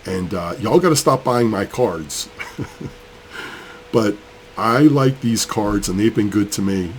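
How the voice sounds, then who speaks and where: A man's voice: lowish voice, lively intonation, slow pace, a little hiss or hum. A man, fired up and ranting in a casual vlog while building a mining rig, sick with a cold. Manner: angry, fired up, rambling. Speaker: crypto mining channel host.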